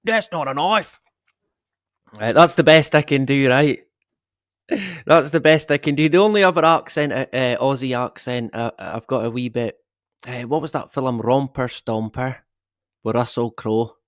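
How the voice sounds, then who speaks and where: A man's voice: mid-range voice, normal speed, no room sound, studio quality. Sweary rambling man. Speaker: livestream host. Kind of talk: casual live-stream chat.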